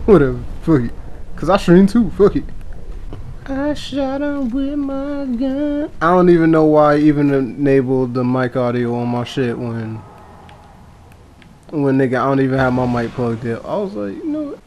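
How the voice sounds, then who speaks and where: A young man commentating his own gameplay, profane and excitable, talking to himself as he plays. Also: mid-range voice, normal speed, highs cut off, a little hiss or hum. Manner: profane, excitable, talks to himself while playing. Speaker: gaming streamer.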